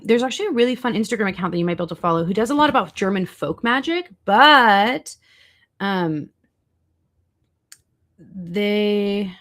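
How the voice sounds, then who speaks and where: Chatty and relaxed, a woman running a livestream talks with viewers, reacts to the chat and searches for foods online. Her voice has a medium pitch and a fairly bright tone.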